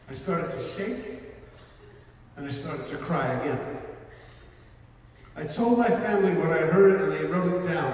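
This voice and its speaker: A male pastor giving an earnest sermon and personal testimony to an audience, slowing down for emphasis. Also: a little high, darkish tone, a little hiss or hum. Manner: earnest storytelling, slows for emphasis. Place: large hall before a live audience. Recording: echoey hall from far off.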